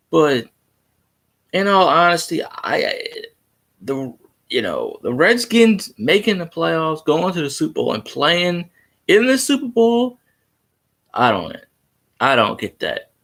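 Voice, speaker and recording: A man's voice: fairly high pitch, gravelly, fairly bright tone. Heated, cursing man. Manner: heated, profane, argumentative. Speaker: sports fan livestream host. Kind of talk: casual live chat reacting to viewer comments.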